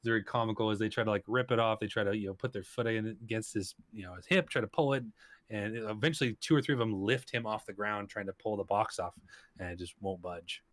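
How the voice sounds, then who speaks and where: A man's voice: on the low side, quick pace, no room sound. A man running a tabletop game as game master, narrating loosely with many fillers. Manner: rambling, lots of fillers.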